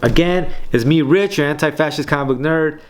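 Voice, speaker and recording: A man's voice: on the high side, brisk, a little hiss or hum. A man hosting a comic book reading, talking casually with slang and swearing, often checking in with "right?". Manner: loose slangy talk, swears, keeps asking "right?". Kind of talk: casual commentary on comic panels.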